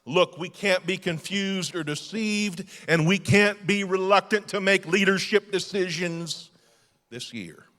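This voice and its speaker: A man's voice: high voice, measured pace. Emphatic male pastor preaching in a hall. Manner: emphatic preaching with swings from loud to hushed. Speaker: lead pastor. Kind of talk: sermon. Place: church sanctuary.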